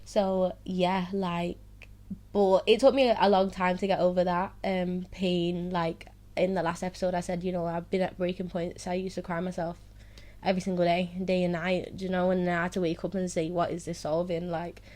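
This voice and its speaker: Her voice is on the low side, warm but flat, at a moderate pace, as this young woman recounts her own story on her series. She speaks candidly, laughs through painful memories and uses "like" and "so, yeah" a lot.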